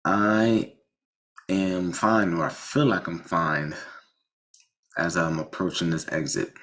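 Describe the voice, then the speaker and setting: Speaking slowly in a low voice, a man casually recounts a car accident he was in. He's animated, keeps restarting his sentences, and swears bluntly.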